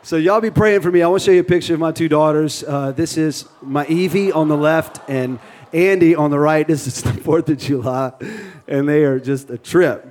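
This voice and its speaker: A man's voice: on the high side, moderate pace, a little mellow, a little hiss or hum. A man in his thirties with a Louisiana accent preaching a sermon in a folksy, joking way, with restarts. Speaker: guest preacher. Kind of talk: sermon with storytelling.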